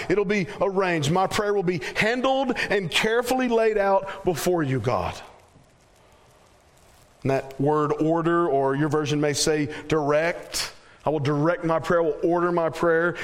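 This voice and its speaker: Southern male preacher, measured emphatic sermon delivery, slightly high-pitched. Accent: Southern American. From American South. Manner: slow, emphatic, repeats phrases, drops pitch at phrase ends.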